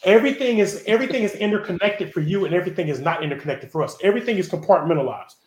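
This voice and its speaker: A man's voice: high voice, animated, very fast, darkish tone, echoey room, slight background noise. A man in his forties hosting a casual group chat about relationships, emphatic and preachy, acting out quoted dialogue as he makes his point. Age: 40s. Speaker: podcast host.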